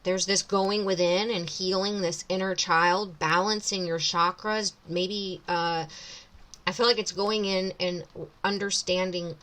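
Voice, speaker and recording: Woman, thirties, tarot reader, slightly low voice, casual intuitive reading, rephrases as she goes. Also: fairly even intonation, unhurried, a bit bright, low-quality recording. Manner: thinks aloud, circling back and rephrasing.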